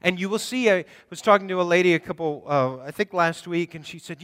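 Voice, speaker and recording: A male pastor with a very high voice preaches in a loose, chatty way. He often trips over repeated words as he works through his points. His voice rings out with the long reverb of a big church hall. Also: a little fast, hardly any pauses, a bit bright, clear, resonant tone. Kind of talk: sermon. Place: church sanctuary.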